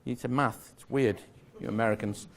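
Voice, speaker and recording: A man's voice: medium pitch, fairly even intonation, normal speed. A man giving a live magic lecture to an audience, explaining step by step in a chatty, self-correcting way with small jokes.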